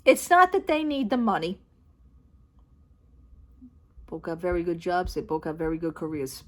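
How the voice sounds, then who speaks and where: A woman's voice: on the low side, sing-song, moderate pace. A woman vlogger in a casual storytelling chat, blunt and down-to-earth, retelling a conversation line by line. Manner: chatty, retells conversations with constant "she says".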